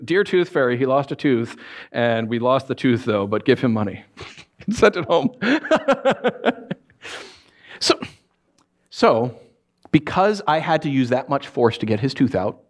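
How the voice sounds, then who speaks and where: A man preaching a sermon, telling stories and acting out the people in them. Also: mid-range voice. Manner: animated storytelling, acts out shouting characters. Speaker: pastor.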